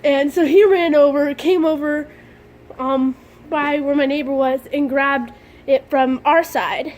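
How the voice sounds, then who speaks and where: A young woman casually telling a story to her vlog camera, excitable and a bit dramatic, often giggling. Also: high voice, a little slow. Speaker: vlogger.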